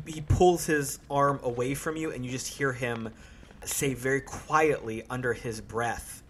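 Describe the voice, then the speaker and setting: A man narrating a tabletop horror game as game master, in a measured, unhurried way. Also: medium pitch, fairly even intonation, noisy background.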